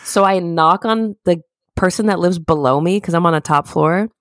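A woman co-hosting a casual podcast, telling stories in a lively way and acting out quoted people. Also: fairly low pitch, moderate pace, no echo. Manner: animated storyteller, acts out quotes in raised voices. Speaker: podcast co-host. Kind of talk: casual chat.

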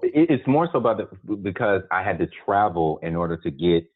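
A man's voice: deep voice, expressive, brisk, slightly rough. A man in his forties, a guest calling in, telling stories in a laid-back, joking way and laughing as he goes. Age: 40s. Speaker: guest, actor. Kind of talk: casual storytelling chat. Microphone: phone call. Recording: tinny dry phone line.

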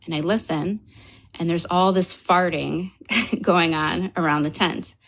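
A woman on a podcast telling a personal story in a somewhat low voice. She brings it to life by acting out the dialogue and often restarts her sentences. Her delivery is animated and conversational. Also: unhurried. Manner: animated, acts out quoted dialogue. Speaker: guest.

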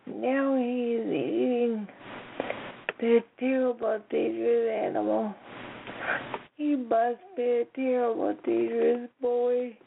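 A woman's voice: fairly high pitch, fairly even intonation, slow pace, creaky. A woman voicing a frightened, silly crowd of villagers in a storybook, exclaiming fearfully. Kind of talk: storybook reading. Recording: noisy phone-like line.

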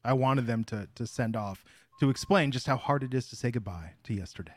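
A man's voice: medium pitch, brisk, no echo. A man co-hosting a podcast in casual chat, with a playful, theatrical announcer-style delivery. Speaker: podcast co-host.

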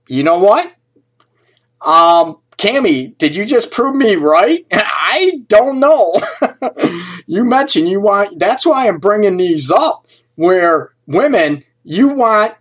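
A man's voice: high voice, a bit bright. A man working as a relationship coach, talking on a live stream and answering viewers' comments by name, chatty and often laughing mid-sentence.

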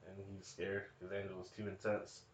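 A man in his thirties co-hosts a podcast, chatting casually and sardonically about a movie with lots of swearing. His voice is low and flat, his pace a little fast, and the recording sounds echoey, dull, and lo-fi.

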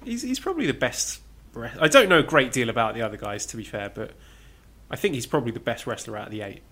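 A man co-hosting a casual podcast chat, measured and dry in his humor. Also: medium pitch, animated, pushed and bright. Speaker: podcast co-host.

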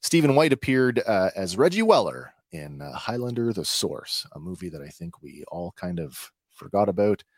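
Male podcast host, casual recapper, low voice with a wide swing, filler-heavy. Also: big pitch swings, normal speed, few pauses, no echo, studio quality. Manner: chatty, many filler words, laughs easily.

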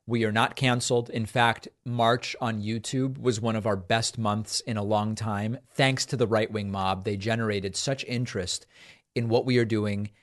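A man hosting a political talk show, speaking in an animated, conversational monologue with frequent restarts. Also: lowish voice, normal speed. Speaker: host.

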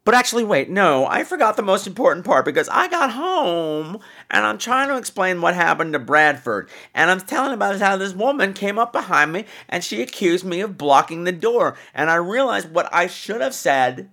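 A man hosting a podcast, telling a comic personal story in an animated, indignant way. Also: sits high, moderate pace, few pauses. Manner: animated, indignant retelling with voiced asides. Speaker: podcast host.

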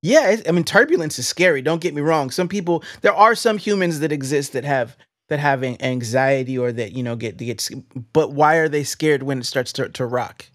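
A man's voice: on the high side, expressive, fairly quick, a bit bright, no room sound. A man hosting a faith-based interview podcast in a studio, talking with enthusiastic, preacherly energy and often repeating his words. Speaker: podcast host.

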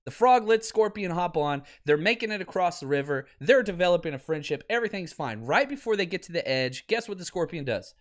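A man hosting a sports show, delivering an animated, ranting commentary with repeated phrases and casual swearing. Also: high voice, brisk, hardly any pauses. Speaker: sports podcast host.

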